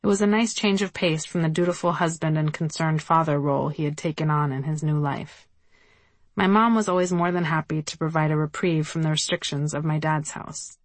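A woman's voice: deep voice, fairly even intonation, brisk, no echo. A woman reading her own memoir aloud in a wry, conversational way. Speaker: memoir narrator.

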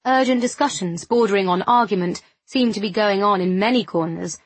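A woman narrating an audiobook in a measured, even way. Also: medium pitch, slightly rough, dry recording.

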